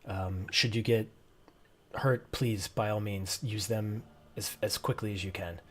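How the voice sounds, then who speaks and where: A man's voice: lowish voice, steady tone, a little slow, fairly bright tone. A man narrating as game master for a tabletop game, hesitant with restarts. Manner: hesitant, many restarts and ums.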